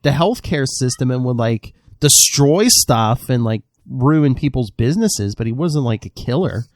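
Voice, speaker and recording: A man's voice: medium pitch, lively intonation, a little slow, dry recording. A man co-hosting a podcast, talking comics in a laid-back way with lots of "like". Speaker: podcast co-host. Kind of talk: casual chat about comics.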